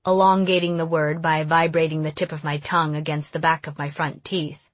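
A woman narrating a first-person audiobook in an even, storytelling manner. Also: sits low, normal speed, no echo.

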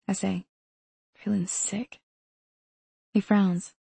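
A woman narrates a first-person novel in a measured, tense way. Her voice is gravelly and husky, with a warm, dark tone. The recording is dry and close, with no room sound. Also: lowish voice, no echo. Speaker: audiobook narrator.

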